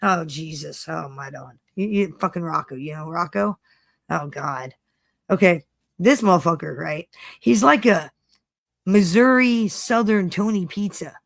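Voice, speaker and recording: A woman's voice: on the low side, measured pace, gravelly, no echo, clean studio sound. A woman co-hosting a casual chat, swearing freely and telling stories with lots of energy. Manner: profane, animated storytelling. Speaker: co-host.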